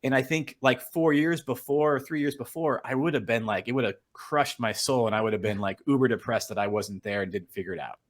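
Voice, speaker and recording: A man's voice: medium pitch, a little fast, hardly any pauses. A middle-aged man talking as a guest on a casual podcast, rambling and earnest with lots of fillers and restarts. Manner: rambling, filler-heavy storytelling with many restarts; earnest and open about his feelings. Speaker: storm chaser and photographer, podcast guest.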